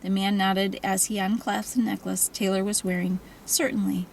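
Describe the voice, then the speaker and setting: A woman narrating a novel in a calm, even storytelling manner. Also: mid-range voice, moderate pace, vocal fry, a little hiss or hum, rough recording. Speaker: audiobook narrator.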